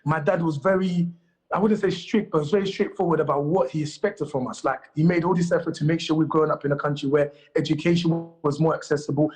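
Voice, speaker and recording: A man from Congo, a guest comedian, talks in a studio interview. His voice sits fairly high and his pace is very quick. He tells lively anecdotes in a casual way.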